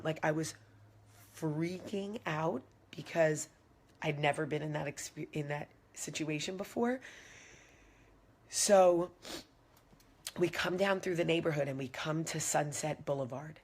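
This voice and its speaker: A woman's voice: deep voice, unhurried, pauses often, a little mellow, slightly rough. A woman vlogger in her thirties telling a personal story to her viewers, acting out what each person said. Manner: dramatic retelling with acted-out quotes, direct address to viewers. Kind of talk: animated storytelling to camera.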